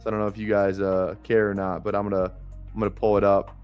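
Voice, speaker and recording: A man's voice: lowish voice, level tone, fast, clear, resonant tone, lo-fi sound, faint music behind. A man streaming fantasy football drafts live, chatting casually in a rambling way, swearing freely and chuckling often.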